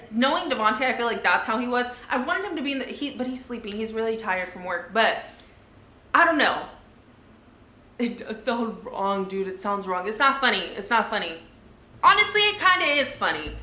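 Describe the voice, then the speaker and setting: Young woman, indignant storytime vlog, bright forceful voice, echoey room. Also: on the high side, slight background noise. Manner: indignant, conversational, many fillers. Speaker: vlogger.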